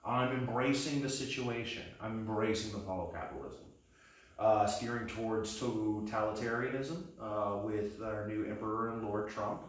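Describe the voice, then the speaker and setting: A man in his thirties from Texas, doing a meandering, self-deprecating stand-up practice set with a deadpan delivery. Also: lowish voice, moderate pace, heavy reverb, far from the mic. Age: 30s. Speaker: stand-up comedian.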